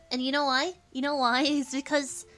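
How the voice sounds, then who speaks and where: Californian woman streamer, high and giggly, chatty, faint music under her voice. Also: fairly bright tone. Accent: Californian American. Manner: giggly, chatty, says "like" often. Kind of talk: casual live-stream chat, reading chat aloud.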